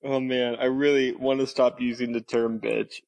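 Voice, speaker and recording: A man's voice: medium pitch, gravelly, darkish tone. A young man hosting a casual podcast, easygoing, with lots of "like" and "um". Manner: easygoing, filler-heavy, mildly disapproving. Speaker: podcast host.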